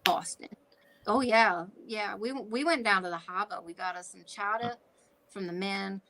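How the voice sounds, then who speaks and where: A woman from Michigan's Upper Peninsula hosting a casual chat, blunt and quick to swear, laughing often. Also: medium pitch, bright, forceful tone, low-quality recording. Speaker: vlog host.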